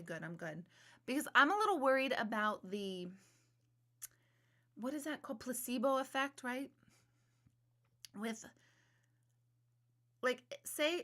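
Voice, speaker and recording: Forty-something lady on a live stream, bright voice, chatty and self-mocking, loses her words. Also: medium pitch. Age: 40s. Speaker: intuitive medium hosting a live show. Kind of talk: casual live-stream chat answering viewers.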